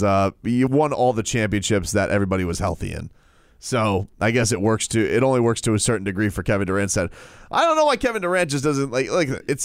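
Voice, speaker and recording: A man co-hosting a casual sports radio show, riffing and joking in rambling, animated banter. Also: mid-range voice, clean tone, no room sound, clean studio sound.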